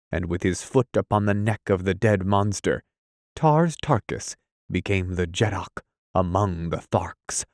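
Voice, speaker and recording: Low-voiced man narrating an audiobook. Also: no echo, clean studio sound. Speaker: audiobook reader. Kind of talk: scripted storybook narration.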